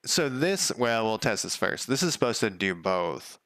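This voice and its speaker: A man's voice: fairly low pitch, very animated, normal speed, fairly bright tone, clear, resonant tone, no room sound. A man developing a game on a live stream, chatting casually and rambling off on tangents as he thinks aloud. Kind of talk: casual live coding chat.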